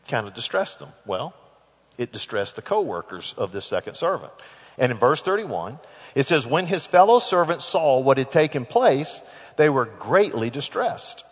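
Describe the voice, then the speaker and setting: A man's voice: medium pitch, husky. Preacher man in an echoey hall. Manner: dramatic, acts out scripture dialogue with big swings in loudness. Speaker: pastor. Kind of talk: sermon.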